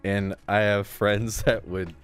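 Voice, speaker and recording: A man's voice: fairly low pitch, takes it slowly, smooth, faint music behind. A young man co-hosting a podcast in casual chat, telling stories with lots of laughter and swearing. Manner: laughing, animated storytelling with swearing. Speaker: podcast co-host.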